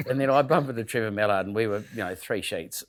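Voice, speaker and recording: A man's voice: lowish voice, fairly quick, a little hiss or hum. A man with a New Zealand accent telling a rambling, laughing anecdote in casual podcast chat, swearing casually as he goes. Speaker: show regular telling a story.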